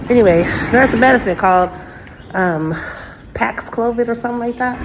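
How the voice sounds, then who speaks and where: A woman's voice: mid-range voice, a little fast, background noise. A woman vlogging casually while sick with a cough, short of breath, chatting and rambling from her car and then from home. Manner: rambling, chatty, talking while driving and walking. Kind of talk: casual vlog chat.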